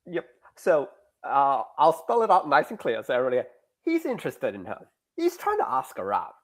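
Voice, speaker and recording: A man explaining his craft in a relaxed interview, rambling and self-deprecating. His pitch swings widely from line to line. He sounds animated throughout. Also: normal speed. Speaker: comic creator, interview guest. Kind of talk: explaining in a casual podcast interview.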